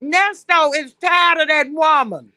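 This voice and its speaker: Woman calling into a gossip stream, real high bright voice, blunt and salty about it. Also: no room sound. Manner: blunt, salty, fast storytelling. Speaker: guest caller. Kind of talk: casual gossip chat.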